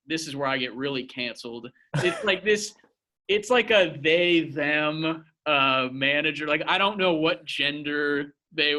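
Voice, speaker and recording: A young man co-hosting a podcast tells a long, rambling story. His voice is bright and pushed, sitting a little high. He swears freely and keeps the tone casual and animated. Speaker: podcast co-host.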